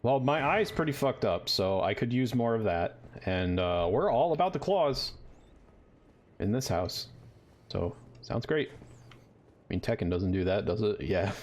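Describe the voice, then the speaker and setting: A man's voice: fairly low pitch, expressive, measured pace, long pauses. A man streaming a game, with joking, profane, rambling commentary. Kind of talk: casual gaming commentary.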